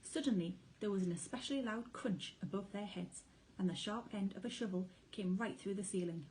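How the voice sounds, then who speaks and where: Woman, teacher, storybook read-aloud, expressive, mellow, faint hiss. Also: medium pitch, brisk, poor audio. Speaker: primary school teacher.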